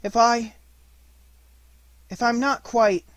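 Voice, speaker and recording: A man's voice: high voice, lively intonation, unhurried, no echo, voice pushed up. Christopher Robin, a man doing an earnest little boy. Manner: earnest, tender.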